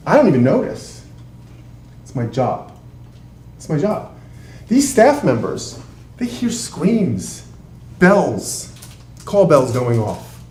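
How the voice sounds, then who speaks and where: A trial lawyer with a high-pitched voice gives an emphatic, animated presentation to an audience in a large room, speaking in quick bursts. Picked up by a distant mic, he sounds echoey and far away, with a slight hiss or hum.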